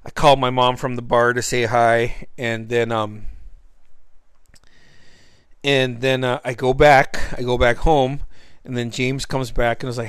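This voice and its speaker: A man's voice: mid-range voice, level tone, a little slow, long pauses, clear, resonant tone, no room sound. A man casually telling a personal story, swearing freely and acting out what people said. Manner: profane, loose storytelling that acts out quoted voices; frequent fillers and restarts.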